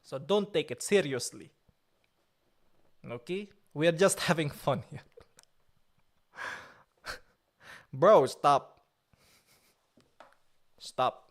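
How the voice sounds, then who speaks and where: A man's voice: a little high, lively intonation, very slow, long pauses. A man chatting casually on a live stream, joking and laughing at himself. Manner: joking, laughs often, self-mocking.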